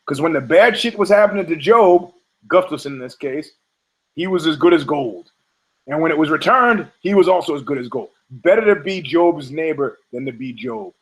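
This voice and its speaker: A man's voice: on the high side, animated, moderate pace, rough recording. A man hosting a podcast, delivering a rambling, profane comedic monologue and acting out quoted characters in funny voices. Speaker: podcast host.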